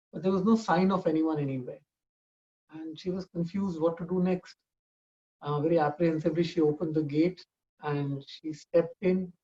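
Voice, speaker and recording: A man's voice: a little high, dark tone, muffled recording. A man telling a family story informally, talking conversationally with frequent restarts.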